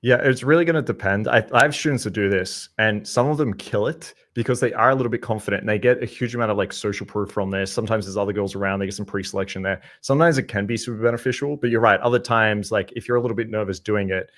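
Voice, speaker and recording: Low-voiced, fast-talking man. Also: fairly bright tone. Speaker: dating coach. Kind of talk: panel discussion.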